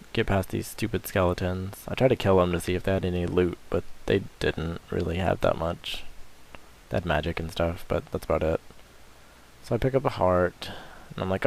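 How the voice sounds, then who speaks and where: Dude with a lowish voice rambling over a zelda-style playthrough, crude jokes, lots of swearing. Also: male voice, fairly even intonation, a little slow, gravelly, a little mellow. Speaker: gameplay commentator. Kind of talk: casual let's-play commentary.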